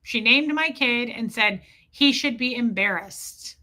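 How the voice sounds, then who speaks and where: A woman's voice: on the high side, a little slow, pushed and bright. A middle-aged woman hosting a livestream, talking bluntly and defiantly, with frequent swearing. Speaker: livestream host. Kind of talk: casual livestream talk.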